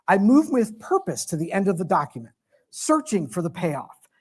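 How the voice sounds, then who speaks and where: A man giving a storytelling lecture as a guest speaker in a museum lecture hall, animated and joking at his own expense. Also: high voice. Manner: animated, self-deprecating humor.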